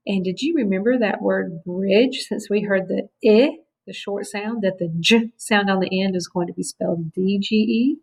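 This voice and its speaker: A woman teaching a phonics lesson to children, speaking clearly and encouragingly as she sounds out words. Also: medium pitch, unhurried, a little mellow.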